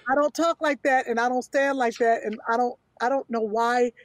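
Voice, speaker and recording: A woman protests primly in a comedy podcast sketch. Her voice is fairly high and sounds close and dry. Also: fairly even intonation, moderate pace, no echo.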